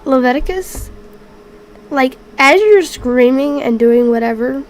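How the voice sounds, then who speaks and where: A woman's voice: sits high, a little slow, a little mellow, poor audio. A woman running a tabletop game as game master, chatting casually and rambling.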